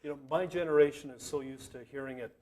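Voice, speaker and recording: A man's voice: mid-range voice, fast, dark tone, poor audio. A younger man interviewing older guests, chiming in with curious questions and facts.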